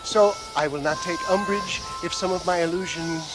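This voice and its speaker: A fawning, long-winded con-man salesman, as a man voices him in a video game, speaking in a high, flowery, self-important way. A clear musical score runs beneath his lines. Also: moderate pace, over music, natural voice, rough recording. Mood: pompous. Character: pompous middle-aged male con-man salesman. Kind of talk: video game cutscene acting.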